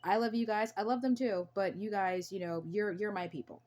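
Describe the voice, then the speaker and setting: She's a young American channel host chatting casually to camera, repeating herself often to stress her earnest points. The voice sits at medium pitch, a little fast and a little mellow, with fairly even intonation.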